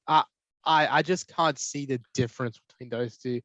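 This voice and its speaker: A man's voice: medium pitch, normal speed, a bit bright, no room sound, dull audio. A man co-hosting a fantasy football podcast, blunt and laid-back, swearing casually. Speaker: podcast co-host.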